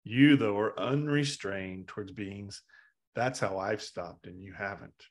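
A man voicing a serene male spiritual master who speaks low, soft, slow and measured. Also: lively intonation, lightly acted.

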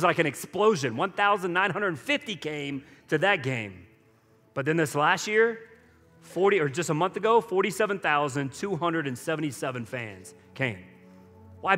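A pastor preaching a sermon in a conversational way, with joking asides to the congregation. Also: male voice, a little high, fairly bright tone. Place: church auditorium. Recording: long reverb from a large church hall.

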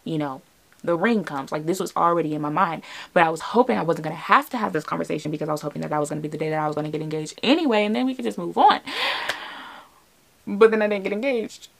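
A young woman vlogger telling a personal story in a casual, animated, chatty way, laughing often. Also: low voice, fast talker, vocal fry.

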